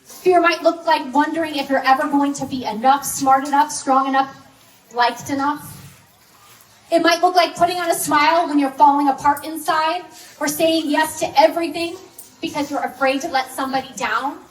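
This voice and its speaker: High-pitched woman chatting through a sermon, kinda far from the mic in a roomy hall. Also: fairly even intonation, moderate pace. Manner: conversational, storytelling, many fillers. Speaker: speaker. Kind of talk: sermon with personal story. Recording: echoey hall, mic from a distance.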